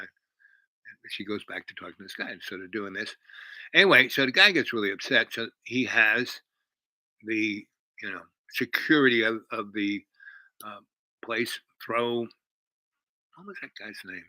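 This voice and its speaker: A man's voice: lowish voice, unhurried, pauses often, pushed and bright, no room sound, poor audio. A man casually retelling a story, rambling with many fillers and restarts. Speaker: host.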